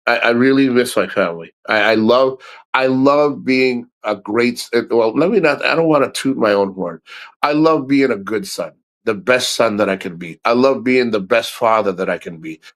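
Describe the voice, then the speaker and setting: Middle aged guy on a stream, rambling on, swears a lot, blunt, plain mid-pitch voice. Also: normal speed. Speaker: livestream host. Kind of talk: casual livestream talk.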